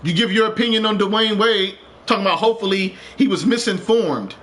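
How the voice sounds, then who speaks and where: A male streamer ranting live, his voice high and bright. He repeats himself with heated urgency and swears freely. A faint hiss sits under the recording. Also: brisk. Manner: impassioned, repetitive, swears, rising to urgent. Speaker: game streamer.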